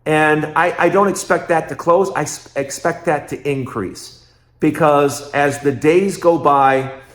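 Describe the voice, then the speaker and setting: A man hosting his own political commentary show, talking emphatically and repeating phrases in quick rhetorical bursts. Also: on the high side, a bit bright, reverberant.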